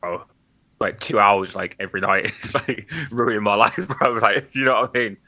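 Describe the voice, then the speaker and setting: A man's voice: lowish voice, moderate pace, bright, forceful tone. A young man co-hosting a podcast, talking bluntly in casual chat with lots of swearing and filler words. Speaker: podcast co-host.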